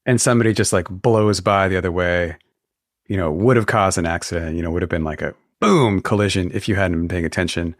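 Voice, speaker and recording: A man hosts a podcast interview, asking measured, probing questions. His voice is very deep, and it is recorded dry and close. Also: no echo. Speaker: podcast host.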